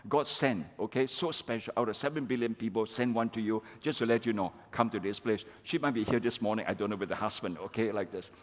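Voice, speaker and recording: A middle-aged man preaching a sermon, animated and chatty, peppering his telling with "okay" and "all right" to the congregation. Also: on the low side, quick pace, few pauses. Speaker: pastor. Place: large church hall. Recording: long reverb of a church hall.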